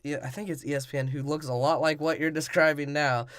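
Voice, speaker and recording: A man co-hosting a podcast, chatting casually and laughing often while doing quick mocking voices. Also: fairly high pitch, steady tone, fairly bright tone, dry recording. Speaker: podcast co-host. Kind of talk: casual comedic chat.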